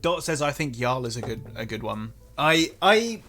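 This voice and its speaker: A man's voice: mid-range voice, sing-song, normal speed, a bit bright, faint music behind. A man with an English accent hosting a livestream, chatting casually with frequent restarts. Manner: chatty, hesitant, self-correcting. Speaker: streamer host. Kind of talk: casual stream chat.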